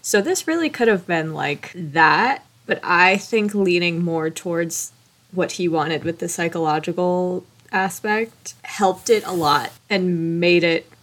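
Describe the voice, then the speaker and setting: A woman's voice: lowish voice, a little slow, a bit bright. A young woman co-hosting a podcast, chatting casually in an emphatic, slangy way about a film she loves. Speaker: podcast co-host. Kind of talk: casual chat.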